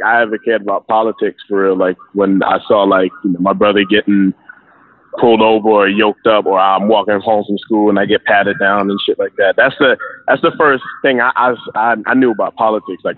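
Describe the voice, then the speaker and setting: A young man with a New York accent tells stories in a relaxed, profane way, full of street slang. His voice comes over a narrow, tinny line, like a phone call. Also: lowish voice, dry recording. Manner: profane, laid-back storytelling with slang. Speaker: guest. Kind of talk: casual interview.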